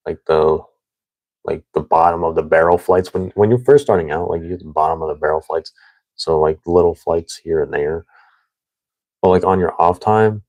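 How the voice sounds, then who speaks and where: A young man with a very deep, low voice talks loosely and rambles, stacking fillers as he goes. The recording is dry and close, with no room sound. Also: a little mellow, dry recording. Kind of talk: casual chat.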